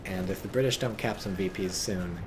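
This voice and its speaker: A man's voice: low-pitched, brisk, noisy background. A man giving casual, profane, sarcastic commentary on a strategy game replay and reading viewer chat aloud.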